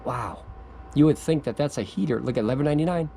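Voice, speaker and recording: A man with a gravelly, mellow voice rambles through an off-the-cuff review outdoors, stammering and restarting. He gets giddy and laughs easily. Faint outdoor noise sits behind him. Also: medium pitch, quick pace, rough recording. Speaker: product reviewer. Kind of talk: excited off-the-cuff video review.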